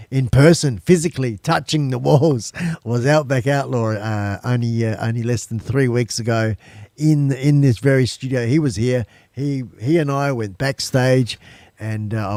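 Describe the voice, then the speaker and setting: A man's voice: mid-range voice, a little mellow, dry recording, studio quality. Chatty Australian man hosting a live stream. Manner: rambling, chatty, addresses viewers as folks. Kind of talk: casual live-stream chat. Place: temporary home studio.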